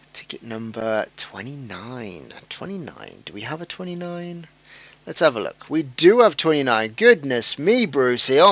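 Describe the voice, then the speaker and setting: A British man hosts a live-streamed prize draw in a lowish voice, chatty and quick to poke fun at himself. His jokes often set off his own laughter. The stream audio is dull and lo-fi. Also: sharp tone.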